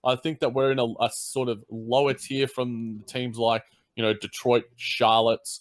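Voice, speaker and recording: A man's voice: mid-range voice, flat delivery, measured pace. A man with an Australian accent co-hosting a casual sports podcast, rambling with lots of fillers and restarts. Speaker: podcast co-host.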